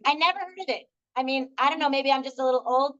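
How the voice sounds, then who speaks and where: In a dull, lo-fi recording, a middle-aged workshop leader tells stories to a live group in a chatty manner full of fillers. She speaks quickly in a high-pitched, fairly bright voice.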